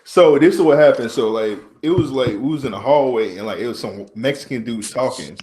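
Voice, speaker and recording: A man in a casual chat telling a story quickly and acting out the people in it. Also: mid-range voice, a little hiss or hum. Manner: quick, lively storytelling with acted quotes. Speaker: podcast guest.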